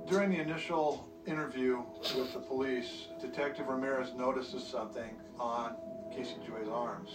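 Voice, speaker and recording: A man giving scripted documentary narration in an even delivery. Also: mid-range voice, normal speed. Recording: distant mic with music bed.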